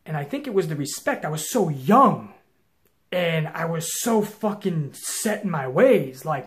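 A young man hosting his own show, telling a long story to viewers in a casual, profane, intense way that swings from low mutters to loud challenges. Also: very animated, measured pace. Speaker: show host.

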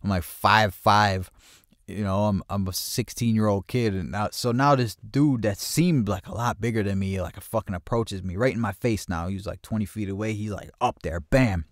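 A man with a low voice tells a personal story in a casual, profane, streetwise way. He breaks into loud acted-out voices of the people involved. The recording is close and dry, with no room sound. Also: moderate pace, no room sound. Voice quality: heavy swearing, acts out quoted voices loudly. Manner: blunt, streetwise, animated retelling. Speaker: podcast host telling a personal story.

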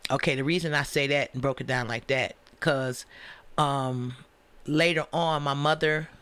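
A woman's voice: extremely low pitch, normal speed, smooth. A woman in her fifties, a comedian and radio personality guest, telling stories in a casual interview and acting out the people in them. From Highland Park, Michigan. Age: 50s. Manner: animated storyteller, acts out voices in anecdotes.

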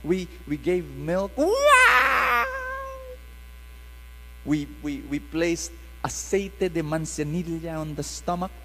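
A middle-aged man, preaching a sermon in an animated call-and-response style. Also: on the high side, measured pace, in a large hall, soft background music, rough recording.

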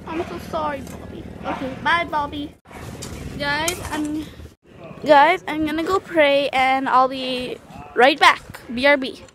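A female host giving casual gameplay commentary, chatting and calling out loudly to her pets. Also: high-pitched, fairly even intonation, measured pace. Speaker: gaming channel host. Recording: clear background noise.

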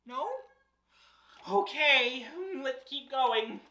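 A woman's voice: mid-range voice, sing-song, moderate pace, pushed and bright. A woman hosting a children's storytime, reading a book aloud in a playful, theatrical, mock-exasperated way. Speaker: drag storytime host. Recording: roomy echo.

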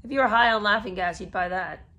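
Reading from a memoir in a plain, steady voice, this podcast host keeps interrupting herself with sarcastic, disbelieving comments aimed straight at her listeners. Her pitch sits in the middle, she talks quickly, and the audio is lo-fi. She comes across as a no-nonsense mother of three.

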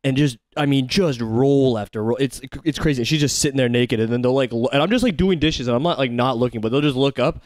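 A young man talks loosely on his home podcast, profane and rambling, full of ums and likes. His voice sits at an average pitch. The mic is close and dry. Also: fast talker, few pauses, darkish tone, dry recording. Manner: rambling, profane, filler-heavy. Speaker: podcast host. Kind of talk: casual comedic chat.

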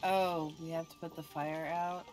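A woman's voice: low-pitched, flat delivery, moderate pace, darkish tone. A woman streaming a co-op game, chatting playfully and joking with her partner. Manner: playful, laughs often, sing-song jokes. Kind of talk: casual gaming chat.

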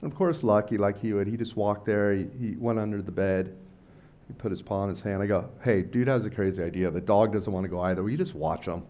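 A middle-aged man speaking at a lecture event, telling stories in a loose, rambling, slangy way and acting out quotes with sudden jumps in pitch and loudness. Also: quick pace. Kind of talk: casual storytelling talk. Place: lecture venue before a live audience.

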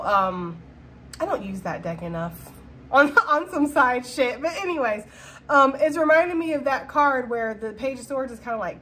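A woman giving a casual, slangy tarot reading to her viewers, talking in an animated way with frequent laughter. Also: fairly high pitch, a little hiss or hum. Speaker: tarot reader.

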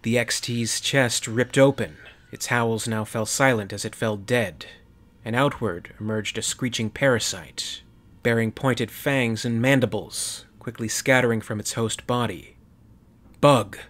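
A man's voice: medium pitch, a little slow, fairly bright tone. A man narrating a sci-fi story in a dramatic storytelling manner. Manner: dramatic storytelling, voicing every character. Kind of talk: audiobook fan fiction reading.

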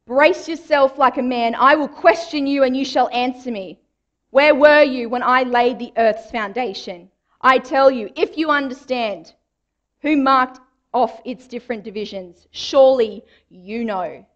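A woman voicing God as a stern male deity who fires loud, commanding questions. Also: sits high, measured pace, lo-fi sound, voice pushed up.

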